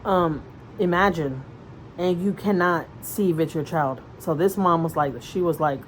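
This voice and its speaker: A woman's voice: lowish voice, a little slow, a little hiss or hum, poor audio. A woman vlogger retelling a story in casual chat, rambling with fillers and restarts, earnest and conversational. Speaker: mother vlogger.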